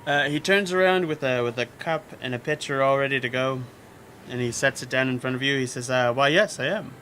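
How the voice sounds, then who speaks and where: Male game master, bright forceful tone, relaxed rambling narration. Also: medium pitch, a little fast, a little hiss or hum. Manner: casual, rambling, laughs often.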